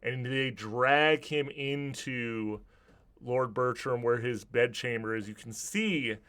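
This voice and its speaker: A man's voice: mid-range voice, slow, fairly bright tone, smooth. Man narrating as a game master. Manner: vivid descriptive narration with restarts.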